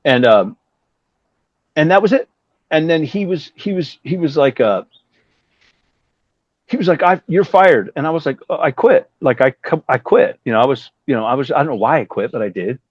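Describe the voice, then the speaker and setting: A man's voice: medium pitch, expressive, moderate pace, long pauses, no echo, highs cut off. A middle-aged man, a guest musician, telling a long rambling story in a casual interview, acting out the lines of the people in it. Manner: rambling anecdote with acted-out quotes and profanity.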